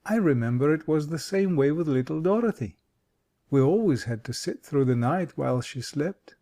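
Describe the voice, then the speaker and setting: A man's voice: a little high, expressive, normal speed, dark tone. A man voicing a wise, kindly scarecrow king in an audiobook, thoughtful and fatherly. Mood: soothing. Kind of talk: audiobook character voice.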